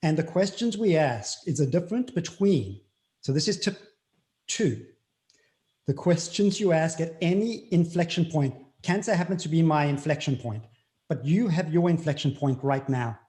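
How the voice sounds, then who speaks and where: South african guy on an interview, earnest, repeats himself for emphasis, voice on the high side. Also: expressive, moderate pace, dark tone. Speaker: interview guest. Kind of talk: reflective interview talk.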